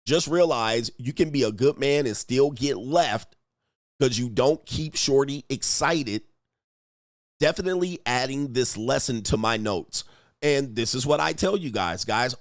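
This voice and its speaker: A man's voice: medium pitch, no echo, studio quality. A man giving casual relationship-coach commentary on online comments, blunt and profane, mimicking the men he quotes.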